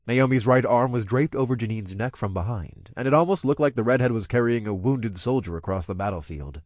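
Blunt, expressive male storyteller. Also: mid-range voice, brisk, dry recording, studio quality. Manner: blunt, swears freely. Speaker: narrator and lead character. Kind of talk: first-person story narration.

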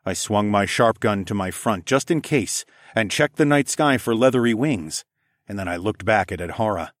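A man with a fairly low voice narrating an audiobook in the first person. His delivery is steady and even. The recording is dry and close. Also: normal speed, no room sound.

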